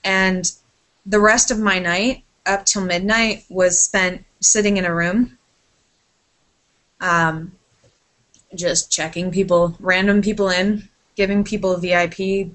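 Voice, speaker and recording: A woman's voice: mid-range voice, slow, long pauses, a bit bright. Rambling woman telling a long story. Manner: swears casually and apologizes a lot. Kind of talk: casual chat.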